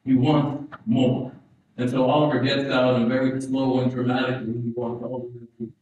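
A man preaching a sermon in a church, telling a story with halting restarts and rising emphasis. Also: mid-range voice, level tone, darkish tone. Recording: distant, roomy, muffled hall sound.

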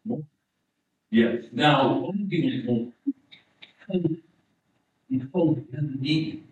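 Preacher man echoing through a hall. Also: mid-range voice. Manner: storytelling, halting restarts, rising emphasis. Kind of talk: sermon. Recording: distant, roomy, muffled hall sound.

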